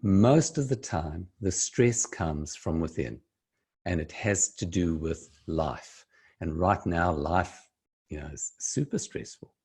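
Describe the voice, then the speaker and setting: A man explaining breathing in a slow, measured way, sometimes dropping to a soft, low voice. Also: breathy edge. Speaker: speaker giving breathing advice. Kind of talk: calm explanatory talk to camera.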